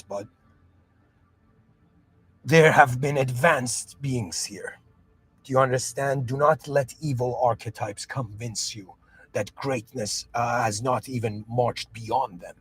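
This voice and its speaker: A man's voice: medium pitch, slow pace, fairly bright tone, husky. A man who moved to Canada as a child, talking earnestly in a reflective monologue, restarting often and checking that the listener understands. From moved to Canada at seven. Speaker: podcast host.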